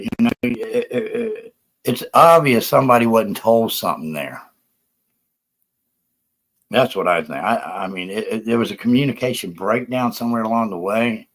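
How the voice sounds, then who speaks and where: A man hosting a casual live stream, rambling and profane as he defends himself, out of breath. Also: on the low side. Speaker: livestream host.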